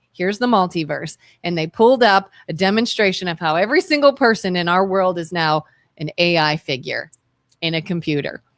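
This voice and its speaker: A woman's voice: on the low side, a bit bright, no echo, studio quality. Earnest American woman on talk radio. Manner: earnest and impassioned, many restarts. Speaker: co-host of a call-in talk show. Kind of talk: casual talk show chat.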